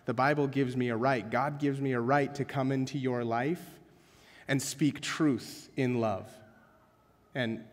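Casual pastor preaching in a reverberant church. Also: male voice, medium pitch. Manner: conversational, self-deprecating, addresses listeners as guys. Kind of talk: sermon. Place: church sanctuary.

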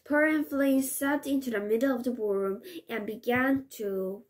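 A woman's voice: on the high side, slight background noise. A woman, a native Korean speaker, reading a children's storybook aloud in English with careful restarts. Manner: careful, slow, occasional restarts. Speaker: reader.

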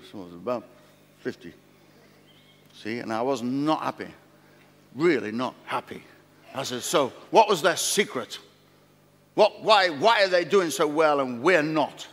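A middle-aged pastor with a medium-pitched voice preaches a sermon in a large former theatre now used as a church. His storytelling is animated and repetitive, full of restarts. The recording carries the long reverb of a large hall.

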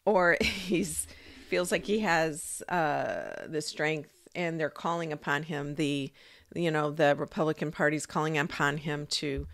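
Brief: low-voiced woman, casual rambling vlog talk, dry close-mic sound. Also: fairly even intonation, unhurried, no room sound. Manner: rambling, thinking aloud with fillers and restarts. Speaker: psychic vlogger. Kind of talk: casual monologue.

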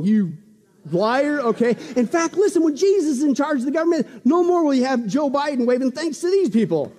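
Really high-pitched guy preaching, all fired up and joking around, big echoey hall. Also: brisk. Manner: excitable, jokey, rhetorical questions. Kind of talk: sermon on prophecy. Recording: long hall reverb.

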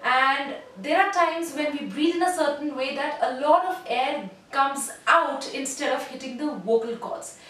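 A woman giving an online voice lesson as a voice coach, speaking in a measured, instructive way and demonstrating sounds. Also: high-pitched, a bit bright. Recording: very echoey room, voice heard from a distance.

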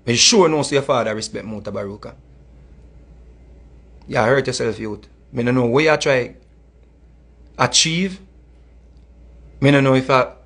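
A man's voice: medium pitch, a bit bright, husky. A middle-aged man with a Jamaican accent, delivering a heated, scolding monologue that mixes in Patois and repeats his points. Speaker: music commentator.

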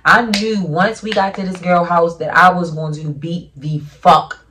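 A woman's voice: lowish voice, steady tone, measured pace, pushed and bright, recorded from a distance. A young woman vlogger telling a casual storytime in a brash, profane, emphatic way.

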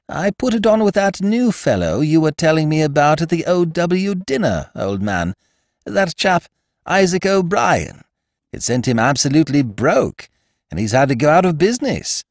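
A man voicing a good-natured, easygoing English gentleman who talks in a mild bleating way. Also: a little high, very animated, a little slow, gravelly, dry recording, clean studio sound, voice pushed up, full character voice. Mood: chatty. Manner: bleating, pleading.

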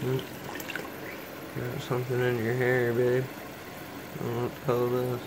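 A man filming his pet lizard on a phone, talking to it in a slow, easygoing, cooing way. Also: mid-range voice, monotone. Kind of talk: casual home video chat. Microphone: phone camera. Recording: noisy home phone recording.

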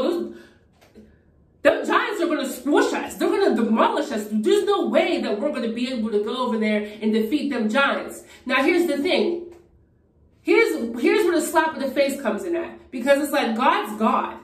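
A woman preaching fervently in a conversational way, encouraging her viewers in a get-ready-with-me video. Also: high-pitched. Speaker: Christian vlogger. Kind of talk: preaching while getting ready. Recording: echoey room from a distance.

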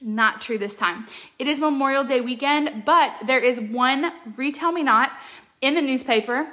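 Woman, higher voice, upbeat casual haul chat, frequent ums. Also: moderate pace, fairly bright tone. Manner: chatty and upbeat, lots of ums. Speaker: couponing vlogger.

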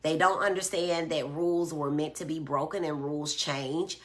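A woman's voice: deep voice, fairly even intonation, moderate pace. A middle-aged woman hosting a live stream, reading out viewer comments and explaining patiently with everyday examples. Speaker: host answering viewer comments. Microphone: phone or tablet.

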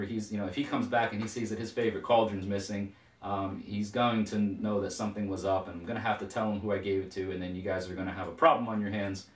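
A man's voice: lowish voice, close to an everyday voice. A man voicing an eager, fussing giantess mother, recorded with a roomy echo from a distant mic. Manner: gushing, fussing.

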